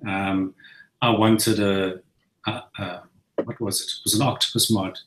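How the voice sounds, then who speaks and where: A man with a South African accent, telling a relaxed story as a guest on a chat show. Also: fairly low pitch, unhurried, roomy sound, background noise. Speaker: guest modder. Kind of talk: casual chat.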